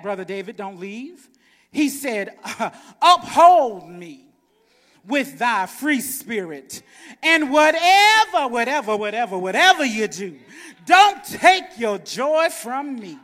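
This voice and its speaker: A man preaching a sermon in a church, swinging between shouted exhortation and soft chuckling asides. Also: extremely high pitch, sing-song, takes it slowly. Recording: reverberant church hall.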